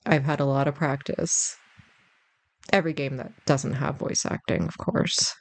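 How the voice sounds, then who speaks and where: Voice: medium pitch, fairly even intonation, a little slow. A gameplay commentator chatting casually and thinking aloud in a self-deprecating way while playing a role-playing game. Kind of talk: casual let's-play commentary.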